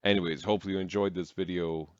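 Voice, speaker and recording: Low-voiced man riffing as reaction host. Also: fairly even intonation, racing, clean tone, dry recording. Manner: swears, laughs and trails off often. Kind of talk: casual reaction commentary. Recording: dry, slightly dull sound.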